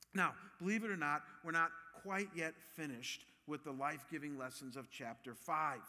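A man in his fifties from Ohio, preaching a sermon with animated, personal storytelling. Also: on the high side, big-room sound. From Ohio, USA. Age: 50s. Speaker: pastor.

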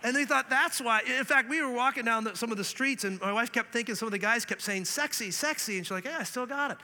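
A man from Canada preaching a sermon as a pastor, earnest and animated, telling stories with humor. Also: very high voice, fast. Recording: long reverb of a large hall.

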